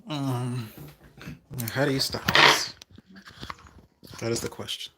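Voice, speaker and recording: A man's voice: medium pitch, fairly even intonation, slow, reverberant, heavy background noise. A man off camera reading out viewer comments in casual asides, hesitant and full of fillers. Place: home kitchen.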